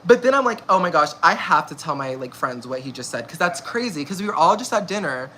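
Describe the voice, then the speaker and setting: A woman's voice: low-pitched, sing-song, fast, sharp tone. A young woman in her early twenties telling a messy gossip story in casual chat, slangy and laughing often. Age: young adult. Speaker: vlogger.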